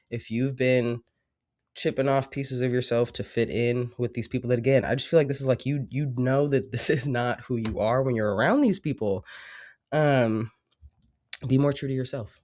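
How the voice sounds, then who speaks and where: A man's voice: mid-range voice, steady tone, normal speed, a little mellow. A man with a congested cold voice, giving a casual, rambling tarot reading with many fillers. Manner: rambling, reflective, with frequent fillers. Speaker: tarot reader.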